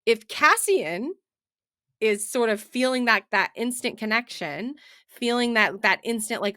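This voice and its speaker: A woman's voice: a little high, unhurried, no echo, studio quality. A woman co-hosting a podcast, chatting casually about books with many fillers and restarts. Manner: animated, lots of fillers and restarts. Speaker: podcast co-host. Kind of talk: casual book discussion.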